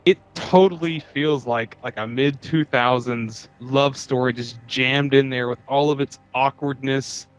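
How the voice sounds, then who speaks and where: A man's voice: mid-range voice, fairly even intonation, unhurried, few pauses, clean tone, poor audio. A man co-hosting a podcast, chatting casually and profanely about a movie and acting out bits in put-on voices. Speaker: podcast co-host. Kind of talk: casual movie-review chat.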